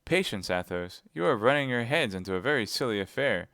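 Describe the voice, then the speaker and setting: A man voicing a bold, quick-witted young musketeer in a read-aloud storybook, firm and commanding. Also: medium pitch, expressive, a bit bright, clean tone, dry recording, clean studio sound, pitched above the performer's own voice.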